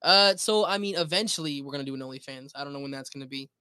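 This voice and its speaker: A man's voice: a little high, very fast, sharp tone, smooth, no echo. A man in his twenties as a podcast guest, laid-back with crude humor. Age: 20s. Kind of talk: casual podcast interview.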